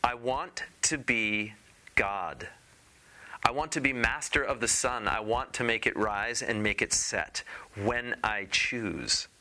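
A greedy, bossy wife from a storybook, played by a man reading aloud. She issues orders in a lifted, commanding voice, clipped and bright. Never content, always wanting more. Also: fairly low pitch, slow, full character voice. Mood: demanding. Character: greedy, demanding fisherman's wife, never satisfied.

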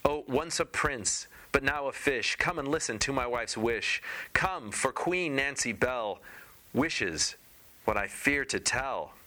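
A man's voice: mid-range voice, lively intonation, takes it slowly, pushed and bright, pitched above the performer's own voice. A man voicing a meek, reluctant fisherman who pleads with his greedy wife in a storybook reading. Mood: fearful. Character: meek, fearful old fisherman, content with little.

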